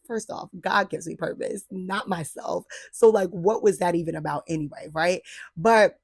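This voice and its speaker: A woman's voice: fairly low pitch, moderate pace, breathy edge, no room sound, clean studio sound. A woman in her late twenties from New Jersey, vlogging in a casual chat about her faith and her plans. She talks animatedly, laughs often and acts out her own past thoughts. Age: 20s. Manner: laughs often, frequent fillers like "like".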